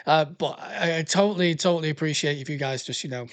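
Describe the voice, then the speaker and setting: A man's voice: a little high, quick pace, clean tone. A man with a Northwest English accent hosting a podcast, rambling along in a sweary, jokey, casual chat. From Northwest England. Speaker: podcast host.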